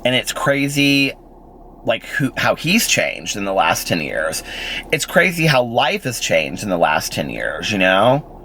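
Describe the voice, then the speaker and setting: A man's voice: fairly low pitch, very animated, measured pace, vocal fry, pushed and bright, slight background noise. A man in his forties telling a rambling personal story in a casual vlog, full of fillers and little laughs. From Indiana, United States. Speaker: vlogger.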